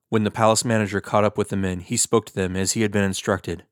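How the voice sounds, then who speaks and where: A man reading scripture aloud as a steady, measured narration. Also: on the low side, no room sound, studio quality. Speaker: scripture reader.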